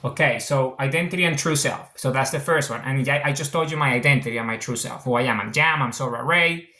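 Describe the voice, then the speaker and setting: A man's voice: mid-range voice, fast talker, pushed and bright, roomy sound. Earnest man with a mixed international accent. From Venezuela. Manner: earnest, repetitive, circles back on his points. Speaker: author explaining his book. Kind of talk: casual explanatory monologue.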